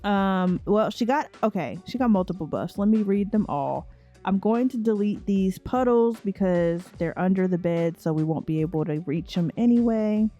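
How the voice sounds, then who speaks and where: Tired, mellow-voiced woman chatting over gameplay. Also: medium pitch, animated, normal speed, dull audio, faint music behind. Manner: chatty, laughing asides, talks straight to viewers. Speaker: let's play host. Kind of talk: casual gameplay commentary.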